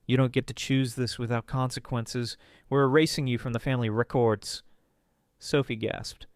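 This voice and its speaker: Male storyteller, smooth and resonant, close dry mic, dramatic first-person read. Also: flat delivery, moderate pace, dry recording. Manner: dramatic, voices characters with pitch jumps. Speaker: story narrator.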